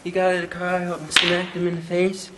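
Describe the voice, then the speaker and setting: A man's voice: high-pitched, monotone, fast, heavy background noise, lightly acted. Man playing a crude Newfoundland rapper. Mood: rambling. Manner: profane rambling storyteller. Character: crude boastful young male rapper. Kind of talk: mockumentary interview.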